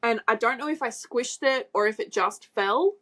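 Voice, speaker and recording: A woman's voice: on the high side, moderate pace, pushed and bright. A young Australian woman co-hosting a casual podcast, rambling through stories with lots of fillers. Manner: rambling storyteller, lots of likes and ums. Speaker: podcast co-host. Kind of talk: casual chat.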